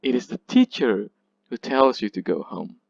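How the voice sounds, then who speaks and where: In a recorded lecture, a man teaching a literature class explains patiently, checks in with his listeners often, and hesitates, restarting and correcting himself. His medium-pitched voice is sing-song, slightly rough with vocal fry, at normal speed. The recording is dry and lo-fi.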